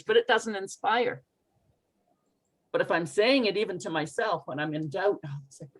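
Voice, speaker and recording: A woman coaching English pronunciation in an online group lesson, expressive and encouraging as she models phrases for learners to repeat. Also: medium pitch, normal speed, rough recording.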